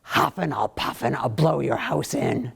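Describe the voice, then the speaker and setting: A woman voicing the big bad male wolf in a children's fairy tale, in a slow, drawn-out chant, a little away from the mic. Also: rumbling low, lively intonation, vocal fry, slightly rough, pitched below the performer's own voice, exaggerated voice. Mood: demanding.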